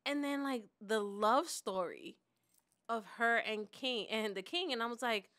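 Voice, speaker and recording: A woman co-hosting a podcast in casual chat, talking in an animated, expressive way and laughing often as she tells stories. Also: on the high side, measured pace. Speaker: podcast co-host.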